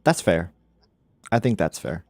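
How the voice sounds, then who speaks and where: A man's voice: deep voice, sing-song, a little slow, darkish tone, no echo. Laid-back man on a tech livestream. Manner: laid-back, laughs often, says "like" a lot. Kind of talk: casual livestream chat. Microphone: studio microphone.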